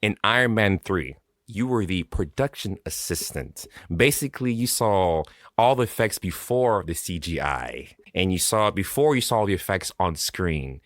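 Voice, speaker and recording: A man hosting a film-industry podcast, playful and animated, who often breaks into song. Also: low voice, moderate pace, no room sound, studio quality. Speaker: podcast host. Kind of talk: playful podcast chat with singing games.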